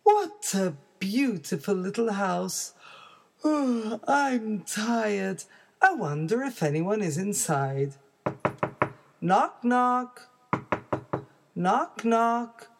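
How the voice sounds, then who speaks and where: A woman's voice: mid-range voice, lively intonation, extremely slow, pauses often, voice pushed up, heavily acted. A woman voicing a curious, fussy little girl who exclaims about everything in a storybook reading. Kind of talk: storybook read-aloud.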